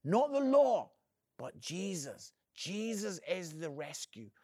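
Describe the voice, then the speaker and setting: A man's voice: high-pitched, slow, no room sound, clean studio sound. A man, an evangelist, giving an earnest inspirational video message and calling the listener "friend". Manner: energetic, swings between loud emphasis and quiet.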